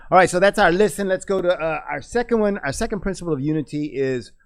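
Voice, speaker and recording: A man's voice: high-pitched, quick pace. A middle-aged man co-hosting a radio talk show, talking earnestly in a casual discussion with lots of restarts.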